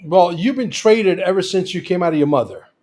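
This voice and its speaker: A man's voice: sits high, lively intonation, brisk, darkish tone. A man speaking as a guest in casual conversation, emphatic and repetitive, with frequent restarts.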